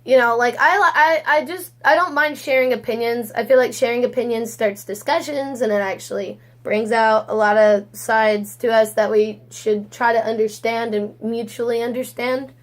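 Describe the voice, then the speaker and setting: A woman with a high voice talks straight to camera in a loose, rambling way. She piles on fillers and swears without holding back. It sounds like an unscripted opinion vlog. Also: steady tone, moderate pace, hardly any pauses. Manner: rambling, blunt and profane, with many fillers. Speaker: vlogger.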